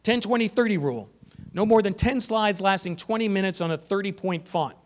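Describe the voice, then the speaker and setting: A man giving a conference presentation to teachers, energetic and emphatic, shifting his pace for effect. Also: high-pitched, a little fast. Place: conference room.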